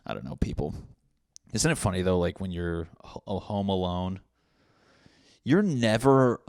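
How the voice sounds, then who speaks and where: A man's voice: low voice, lively intonation, measured pace, a little mellow, no echo, studio quality. A young man hosting a solo podcast from his apartment, talking in a brash, joking, profane way. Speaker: podcast host. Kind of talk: casual solo podcast monologue. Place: apartment room.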